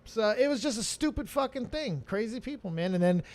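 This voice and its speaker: A man with a fairly high voice that swings all over the place, hosting a loose podcast chat. He swears freely and talks in quick animated bursts. His delivery is full of energy. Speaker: podcast host. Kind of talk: casual profane chat.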